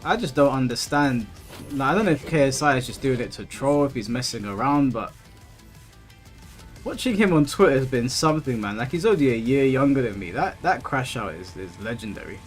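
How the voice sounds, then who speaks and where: Game music runs under this gaming stream, where a relaxed man in his thirties reads chat out loud and often trips over and repeats his words. He speaks a little fast in a mid-range voice with lively intonation.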